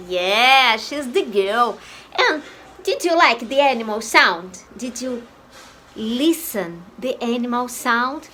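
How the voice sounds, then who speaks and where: A woman teacher with a Brazilian accent, a native Portuguese speaker, giving a slow, coaxing English lesson to babies. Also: fairly high pitch, lively intonation, pushed and bright, a little hiss or hum. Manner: slow, coaxing, playful animal noises.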